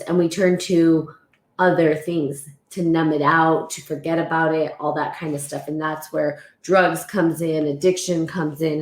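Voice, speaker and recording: A woman's voice: low-pitched, darkish tone. Reflective woman host in an echoey room. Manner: reflective, reassuring, with frequent fillers and viewer greetings. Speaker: podcast host. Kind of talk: live-stream talk reading aloud from a book.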